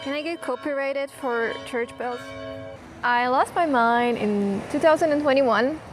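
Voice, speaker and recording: Young female vlogger from Croatia, chatty, high voice, self-mocking. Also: measured pace, music in the background. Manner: chatty, self-deprecating, emotional. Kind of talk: casual vlog talk to camera. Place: outdoors in a hot town.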